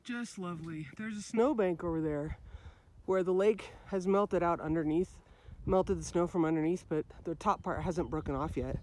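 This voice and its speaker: A man vlogging on a high mountain hiking trail, admiring and exclaiming over the scenery into a handheld camera. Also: normal speed, a little mellow. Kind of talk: handheld outdoor vlog narration. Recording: noisy outdoor recording.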